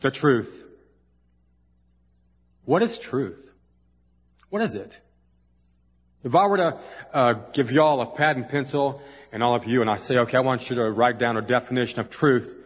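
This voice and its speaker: A man's voice: mid-range voice, fairly quick, slightly rough. A man preaching a conversational sermon, folksy and full of asides, in a church. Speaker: pastor. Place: church sanctuary. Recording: long hall reverb.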